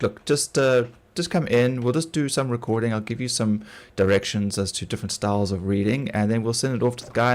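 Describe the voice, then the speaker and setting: A man's voice: medium pitch, creaky, darkish tone. A middle-aged man from South Africa with a South African accent, chatting casually on a game stream, rambling with lots of fillers and laughing often. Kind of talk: casual gaming chat.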